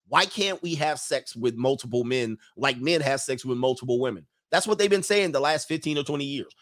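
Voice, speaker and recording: A man's voice: fairly high pitch, lively intonation, normal speed, a bit bright. A man hosting a livestream, giving blunt, slang-heavy opinions on viewer comments and laughing between his points.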